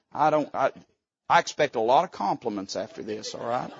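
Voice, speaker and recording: A man's voice: high-pitched, a bit bright, slightly rough, dry recording, dull audio. A man preaching a fervent, folksy sermon from a church pulpit, his volume swelling and dropping suddenly. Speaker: pastor.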